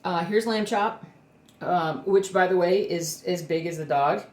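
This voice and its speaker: Casual home vlogger, woman, low voice, rambly with fillers, coos at her dog, roomy echo. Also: measured pace. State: emotional, near tears. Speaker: cross stitch vlogger. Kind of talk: casual chat to camera. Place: indoors at home.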